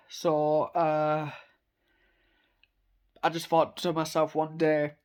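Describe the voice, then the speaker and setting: A man's voice: on the high side, little pitch movement, slow pace, pauses often. A young man talking casually and with enthusiasm, rambling with lots of fillers and little laughs. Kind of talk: casual monologue.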